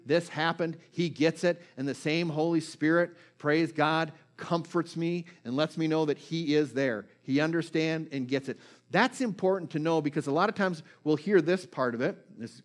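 Male preacher, slightly raised pitch, talky sermon delivery that checks in with the congregation. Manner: conversational, checks in with listeners; retells scripture stories with feeling.

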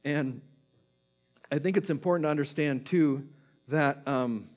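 A man delivering a sermon as a pastor, moving between quick bursts and slow, hushed phrases. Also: fairly high pitch.

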